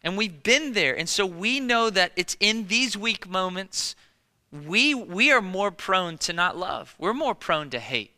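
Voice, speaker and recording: A man preaching a sermon as a pastor, animated and conversational, with lots of rhetorical questions. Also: sits high, unhurried, in a large hall.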